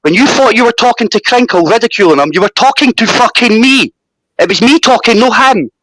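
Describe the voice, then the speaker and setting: A high-voiced man rants in a heated online argument, swearing and saying the same thing again and again. His pitch jumps around a lot, and the sound is dry and close. He talks over anyone who tries to cut in. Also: animated, fairly quick, a bit bright, dry recording, rough recording. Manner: angry, repetitive, swearing, talks over others. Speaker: live stream caller. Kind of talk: heated argument on a live stream.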